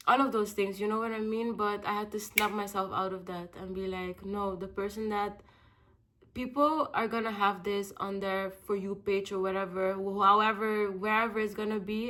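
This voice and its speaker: A woman's voice: medium pitch, fairly bright tone. A young woman giving a casual motivational vlog talk, rambling, repeating herself and swearing freely. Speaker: vlogger.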